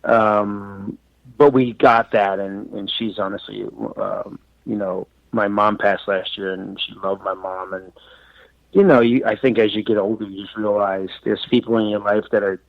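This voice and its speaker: Homem contador de histórias animado, som abafado. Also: male voice, fairly low pitch, normal speed, gravelly, no room sound. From New York and Florida. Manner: animated storyteller who acts out quoted lines loudly, swears freely. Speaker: guest, comedian and actor. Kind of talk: casual podcast storytelling. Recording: dull, dry sound.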